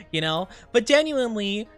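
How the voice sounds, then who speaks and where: A young woman streaming casually, chatting with viewers in a bubbly, giggly way with cutesy slang. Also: fairly high pitch. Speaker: VTuber streamer. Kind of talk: casual live-stream chat, greeting viewers.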